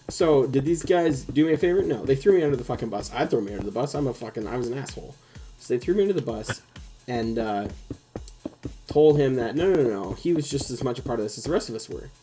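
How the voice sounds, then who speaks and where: A man's voice: mid-range voice, dark tone, poor audio. A young man hosting a casual chat, telling a rambling personal story full of swearing and fillers. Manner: rambling, swears a lot, heavy use of "like". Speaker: host.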